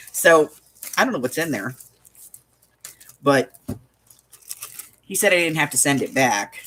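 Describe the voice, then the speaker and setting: A woman's voice: low-pitched, expressive, a little slow, long pauses, a bit bright. A woman running a craft shop, telling a story in casual chat, with exasperated asides. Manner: chatty storytelling, exasperated asides, laughs often.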